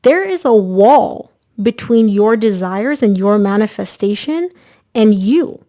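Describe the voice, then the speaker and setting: A woman giving a casual, energetic tarot reading, chatting directly to her viewers. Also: fairly high pitch. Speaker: tarot reader.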